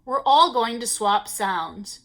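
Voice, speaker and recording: A gentle male farm horse from a children's storybook speaks slowly and calmly, as a woman reads him aloud. The voice sits high and moves a lot, soothing little ones. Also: exaggerated voice. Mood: reassuring.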